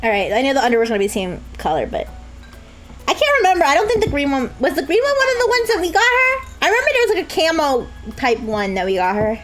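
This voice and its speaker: High, lively young woman streaming a game. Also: fast, faint music behind, rough recording. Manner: crude joking, frequent laughing, mock sobbing. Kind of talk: live-stream gameplay commentary.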